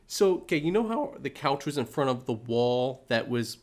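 A man's voice: medium pitch, very animated, moderate pace. A young man casually telling a story to a friend, giggling and often adding "right?" as he goes. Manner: giggly, repeats himself, frequent "right?".

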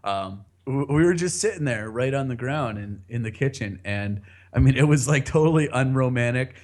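A man's voice: medium pitch, expressive, moderate pace, darkish tone. A rambling, laughing man telling a story. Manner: rambling, laughs often, swears freely. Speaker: podcast guest telling a story. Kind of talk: casual storytelling chat.

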